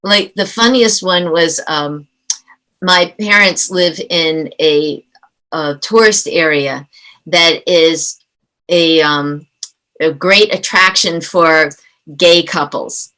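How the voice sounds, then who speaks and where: A woman's voice: fairly low pitch, takes it slowly, rough recording. A middle-aged woman, a parenting coach, telling stories animatedly in a conversational interview. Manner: animated storyteller who acts out quoted dialogue.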